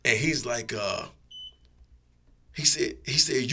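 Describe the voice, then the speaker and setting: A man's voice: medium pitch, slow, vocal fry, pauses often, background noise. A middle-aged man, telling a story casually as a guest, swearing freely and acting out quotes.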